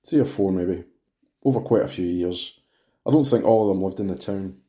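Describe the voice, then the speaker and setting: An offhand man under police questioning, cocky and evasive, brushing questions aside in a low voice, as the narrator reads him. It comes across as an audiobook reading. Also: normal speed, mellow, lightly acted.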